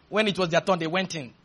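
A male preacher delivering a sermon, emphatic and loud, leading the congregation in call-and-response and telling stories with playful asides. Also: a little high. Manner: emphatic, with sudden shouted bursts and call-and-response.

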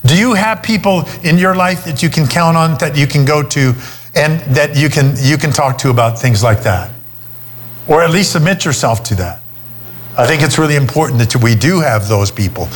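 A man's voice: fairly high pitch, expressive, moderate pace. A middle-aged man preaching a sermon, telling a personal story in a conversational way. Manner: storytelling, conversational, many restarts. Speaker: pastor.

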